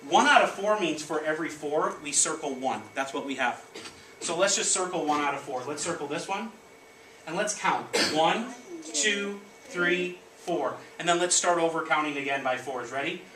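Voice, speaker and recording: A man's voice: a little high, normal speed. Man teaching a class, echoey room. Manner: energetic, directive, call-and-response prompting. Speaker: elementary school teacher. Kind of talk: leading a classroom math lesson. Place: elementary school classroom. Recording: echoey classroom, distant mic, background noise.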